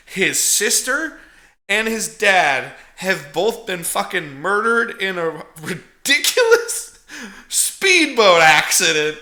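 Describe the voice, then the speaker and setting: A man recapping a horror movie on a podcast, in a casual, animated, profane way, laughing often. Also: high voice, echoey room. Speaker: podcast co-host.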